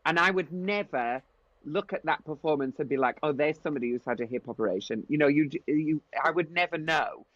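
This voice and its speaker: A man's voice: on the high side, a little fast, a bit bright, no room sound, dull audio. A man with a Yorkshire accent co-hosting a podcast, asking friendly, rambling questions. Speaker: podcast co-host. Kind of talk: casual podcast chat.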